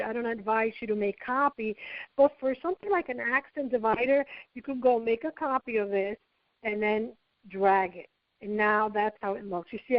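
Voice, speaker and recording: A woman with a fairly high voice teaches a screen-share software lesson, chatting her way through every step. The sound is dry and a little dull, with no room around it. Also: dry recording. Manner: chatty, walks through each step aloud. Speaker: marketing trainer.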